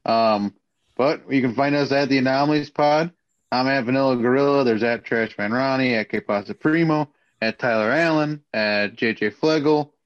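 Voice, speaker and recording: Podcast host, man, laid-back sign-off voice, middle pitch, muffled lo-fi audio. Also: normal speed. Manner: laid-back, brief reactions, wraps up the show. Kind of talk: casual podcast chat.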